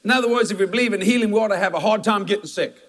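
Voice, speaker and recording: A man's voice: high voice, racing, fairly bright tone. A man preaching a sermon as pastor, telling folksy stories with emphatic asides.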